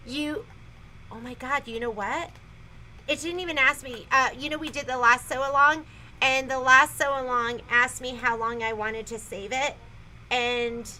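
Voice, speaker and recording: A woman's voice: sits high, bright, forceful tone, slight background noise, low-quality recording. A woman co-hosting a casual shop livestream, giggly and self-deprecating, talking from her sewing store. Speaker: store co-host.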